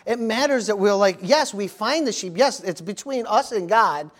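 Man, pastor, high voice, animated sermon, amens and praise interjections. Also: normal speed.

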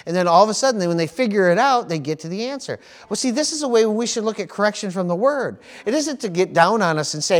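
High-voiced preacher with frequent praise interjections. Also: male voice, animated, quick pace, few pauses. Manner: repeats himself, interjects praise. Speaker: pastor. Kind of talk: sermon.

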